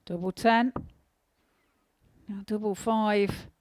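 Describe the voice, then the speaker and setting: A woman's voice: medium pitch, fairly even intonation, slow, a little mellow, dry recording. Female darts co-commentator, dry and close. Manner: friendly, teasing analysis of each leg. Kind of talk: sports commentary.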